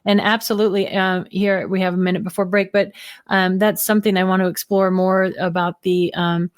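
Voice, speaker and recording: A woman's voice: mid-range voice, flat delivery, brisk, no echo. A woman co-hosting an interview show, chatting in a reflective, conversational way. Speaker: co-host.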